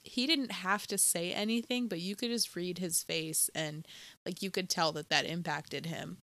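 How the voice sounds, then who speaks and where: Young woman gushing about a movie, animated, dry close mic. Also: on the low side, moderate pace, no echo. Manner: chatty, animated retelling of scenes. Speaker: podcast co-host. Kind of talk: casual movie review chat.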